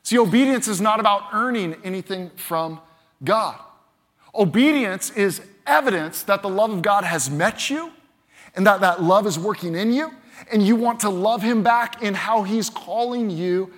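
A man with a high voice preaches from the pulpit. His delivery is animated, and he acts out the voices he quotes. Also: measured pace. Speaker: pastor. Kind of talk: sermon.

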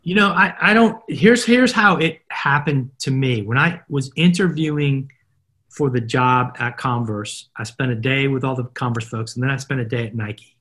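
Husky-voiced man telling animated stories. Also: mid-range voice, normal speed. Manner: animated, acts out dialogue in stories. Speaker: podcast guest, marketer. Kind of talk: casual interview storytelling.

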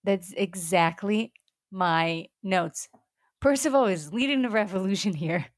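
A woman's voice: medium pitch, a little slow, dry recording, clean studio sound. A young woman co-hosting a casual TV recap chat, reacting bluntly and emphatically. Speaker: podcast co-host.

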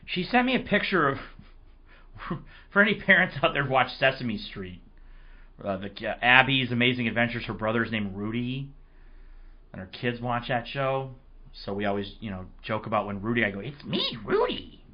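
A man hosting a casual sports podcast, his voice hoarse, telling rambling, excitable stories. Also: mid-range voice, normal speed, dull audio. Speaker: podcast host.

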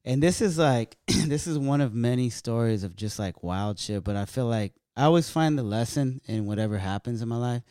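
A man's voice: medium pitch, normal speed, few pauses, clear, resonant tone, no room sound, studio quality. A man from California, a stand-up comedian, telling loose, profane stories in casual chat. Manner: loose, profane, animated storytelling.

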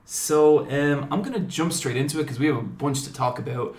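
A young man hosting a podcast, telling animated comic stories with plenty of swearing. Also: mid-range voice, fairly quick, roomy sound. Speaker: podcast host. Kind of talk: casual storytelling chat.

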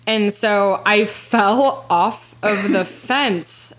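A woman in her twenties with a mid-range, fairly bright voice draws out her words. She tells a personal story on a podcast, rambling, swearing and peppering her speech with "like."

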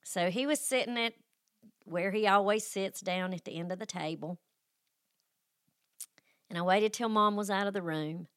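A woman's voice: medium pitch, normal speed, long pauses, a bit bright, smooth, dry recording, clean studio sound. A middle-aged woman who hosts a faith podcast and tells a personal story in a folksy, emotional way, with sighs and restarts. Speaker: podcast host.

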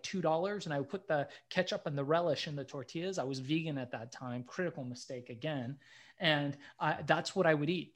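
Speaking in a voice on the higher side, a middle-aged interview guest recounts a story in a relaxed, lively way, performing the quoted lines as he goes.

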